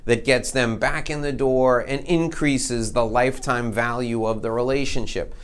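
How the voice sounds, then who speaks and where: Man playing an impatient executive, terse questions, quiet and drawn-out. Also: mid-range voice, steady tone, smooth, natural voice. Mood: measured. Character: impatient male marketing executive.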